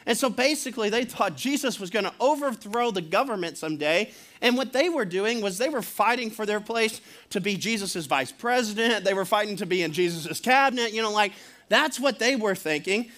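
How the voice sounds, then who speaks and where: A man's voice: high-pitched, fairly bright tone. A man preaching a sermon as pastor in a conversational way, chuckling often and acting out quotes.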